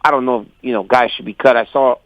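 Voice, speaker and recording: A man calling in as a guest fighter, telling stories animatedly and quoting others in lively voices. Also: medium pitch, fast, no echo. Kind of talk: casual phone interview. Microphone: phone call. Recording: dull lo-fi phone line.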